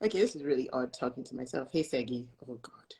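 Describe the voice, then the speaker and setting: A woman guest on a casual live-streamed chat, loud and teasing, talking animatedly. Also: a bass voice, fast talker, rough recording.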